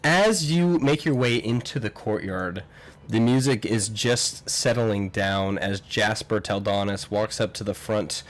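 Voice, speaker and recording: A man's voice: on the low side, measured pace. A man narrating as game master in a casual, joking way, often laughing. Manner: laughing, casual, swears a lot.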